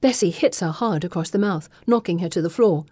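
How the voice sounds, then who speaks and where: A woman giving measured first-person audiobook narration. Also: fairly low pitch, warm tone, no room sound, studio quality.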